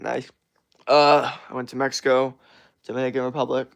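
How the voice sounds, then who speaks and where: A man's voice: mid-range voice, flat delivery, moderate pace, gravelly, no echo. A man streaming live and reading out his chat, blunt and profane, laughing often. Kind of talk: casual livestream chat.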